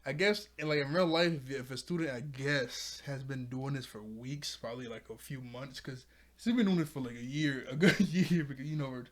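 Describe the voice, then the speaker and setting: A man's voice: medium pitch, a little fast. A man reviewing a cartoon episode in a casual, rambling video chat, laughing often as he talks.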